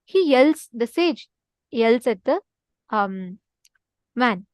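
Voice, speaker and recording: Woman, spiritual teacher, earnest and repetitive; high voice, dry close sound. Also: animated, very slow, darkish tone, no echo. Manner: earnest, repetitive, prompts listeners to respond. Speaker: spiritual teacher in an online session. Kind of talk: spiritual talk to an online audience.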